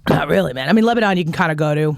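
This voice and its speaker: A woman's voice: deep voice, very fast, vocal fry, a little hiss or hum. A woman comedian telling rambling, profane stories in a casual podcast chat on a close mic. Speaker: comedian guest.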